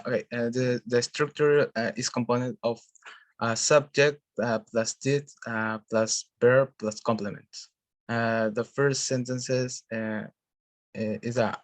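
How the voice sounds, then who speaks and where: A man presents to a class in halting English, his delivery slow and his pitch barely moving. Frequent filler sounds break up each sentence, and his voice sits close and dry with no room sound around it. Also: dry recording. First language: Spanish. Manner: hesitant, many filler sounds. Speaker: student presenter.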